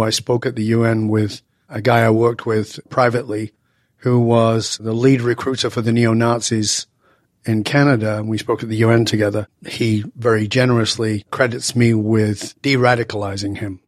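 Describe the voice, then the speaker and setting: A man in his sixties from Northern England, a guest telling stories in conversation and acting out the dialogue with lively voice changes. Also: mid-range voice, moderate pace, no echo, clean studio sound. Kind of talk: animated storytelling in conversation.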